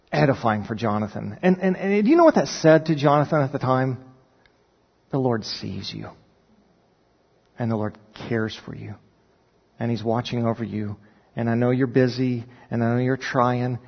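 A man, a pastor, telling a personal story in a sermon with animated, rising emphasis when he recounts his prayers. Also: mid-range voice, creaky, slightly rough. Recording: dull sound with long reverb in a large hall.

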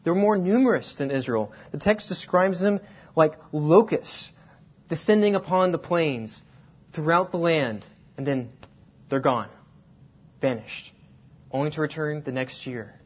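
A man preaching a sermon, telling a personal story and slowing down to stress key words. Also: fairly high pitch, breathy edge. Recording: dull lo-fi sound.

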